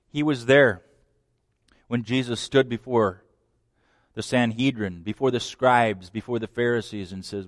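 A man preaching a sermon, dramatic, swinging between loud declarations and hushed lines. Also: medium pitch, measured pace, dry recording, studio quality.

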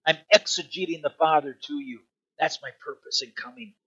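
A man preaching a sermon, emphatic, swinging from loud declarations to hushed asides. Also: a little high, a little fast, breathy edge, dry recording, lo-fi sound. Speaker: pastor.

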